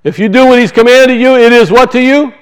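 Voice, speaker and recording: A man's voice: extremely high pitch, fairly even intonation, a little fast, clear, resonant tone, poor audio. A man preaching a sermon, teaching from scripture and emphatically asking and answering his own questions.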